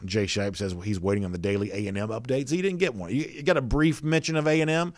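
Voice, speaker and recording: A man's voice: medium pitch, fast, few pauses, dry recording, clean studio sound. A man hosting a casual sports talk show, chatting loosely with plenty of "you know" fillers and reading out viewer comments.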